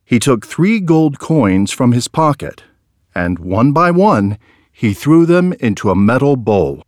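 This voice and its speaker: A man reads a children's story aloud, taking his time and letting his pitch rise and fall widely. The sound is dry and close with no room around it. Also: no room sound. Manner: slow, lively, expressive reading. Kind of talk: scripted storybook narration.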